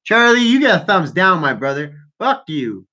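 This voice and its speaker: A man's voice: high voice, very animated, normal speed, bright, forceful tone, lo-fi sound. Brash, swearing young man on the phone. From Canada. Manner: brash, mocking, swears a lot. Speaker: call-in show host. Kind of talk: profane casual chat. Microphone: telephone.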